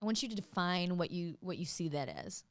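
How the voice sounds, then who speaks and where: A young adult woman, a podcast guest and business owner, chatting casually, bubbly and quick to laugh, rambling into digressions. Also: on the low side, sing-song. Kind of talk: casual chat.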